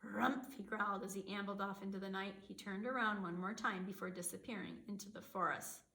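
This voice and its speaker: A woman librarian reading a children's picture book aloud with expressive storytelling. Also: medium pitch, brisk. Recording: roomy echo.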